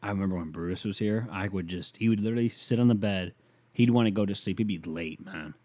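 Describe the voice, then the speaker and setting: A man hosting a solo podcast, rambling and swearing as he answers listener email, swinging from loud rants to muttered asides. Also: sits low, fast talker. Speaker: podcast host.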